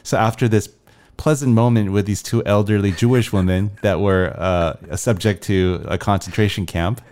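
A man co-hosting a casual movie review podcast, talking in a measured, analytical way. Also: lowish voice, fairly even intonation, a little mellow. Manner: measured, analytical, says yeah a lot. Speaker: podcast co-host. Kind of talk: casual film review chat.

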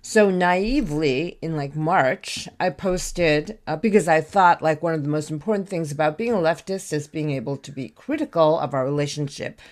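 An American woman speaking on a panel discussion, thoughtful but halting, with many ums and restarts. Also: low voice. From United States. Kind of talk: remote discussion contribution.

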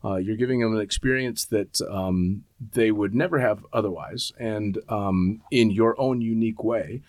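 A middle-aged man with a low voice chats openly and swears freely, with lively energy. The recording is close and dry. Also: moderate pace, no echo. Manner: candid, swears freely, animated. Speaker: tandem instructor and podcast host. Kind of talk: casual chat.

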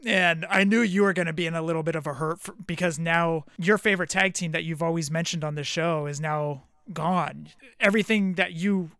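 Bright man telling a story, dry mic. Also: on the high side, a little fast, hardly any pauses, clean tone, dry recording. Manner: storytelling, recounting a phone call. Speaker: podcast co-host. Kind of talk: casual podcast chat.

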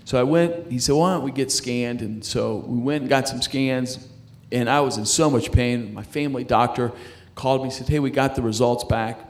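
A middle-aged man sharing a personal faith testimony in conversation. He stumbles and repeats words as he talks. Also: medium pitch. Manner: halting, repeats words and restarts while telling his story.

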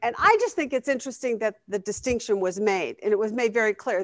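A woman's voice: fairly high pitch, expressive, fast talker, no echo. A woman teaching a Bible study class in a conversational way, often asking the group questions. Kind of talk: interactive Bible lesson.

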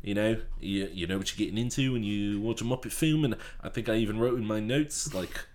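A man's voice: lowish voice, a little fast, a little mellow. A man co-hosting a casual movie review podcast, laid-back and chuckling, who slips into accents. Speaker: podcast co-host. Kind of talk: casual chat.

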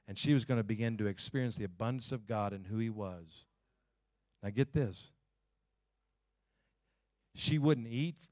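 A male pastor preaching a sermon in a conversational way, swinging between emphatic lines and hushed, quiet ones. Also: on the low side, no room sound, clean studio sound.

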